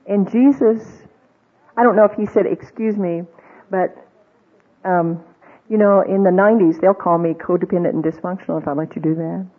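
Speaking at normal speed in a fairly low, steady, slightly rough voice, a woman gives a conversational Bible teaching to a women's group. She asks the audience questions and acts out the voices she quotes, with fillers and restarts, on a tinny, phone-like old recording.

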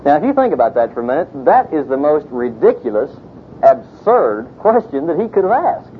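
Male preacher, conversational, storytelling, tinny phone-like sound, faint engine rumble. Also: very animated, fairly quick. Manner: conversational, many fillers, storytelling. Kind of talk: sermon.

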